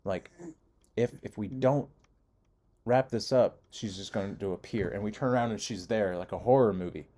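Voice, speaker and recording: A man's voice: on the low side, normal speed. A man co-hosting a podcast, telling a long rambling story in casual chat and acting out the people in it. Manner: rambling storyteller, animated impressions. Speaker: podcast co-host.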